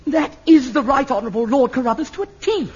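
A man playing a polite, fussy amateur theatre director who tries to keep everyone calm. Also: very high voice, fast talker, husky, muffled recording, full character voice. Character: genteel, flustered amateur play director.

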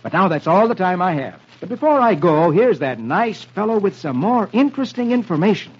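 Brief: jolly vintage radio host reading the funnies, animated lilt, muffled broadcast sound. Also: male voice, high-pitched, fairly quick, husky. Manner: jolly, sing-song storyteller. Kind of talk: 1940s radio comic reading.

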